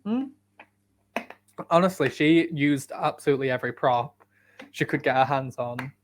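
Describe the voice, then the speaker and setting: A man's voice: mid-range voice, moderate pace, a little hiss or hum. A man from the United Kingdom co-hosting a podcast, chatting casually with dry, sarcastic asides. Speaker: podcast co-host. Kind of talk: casual chat.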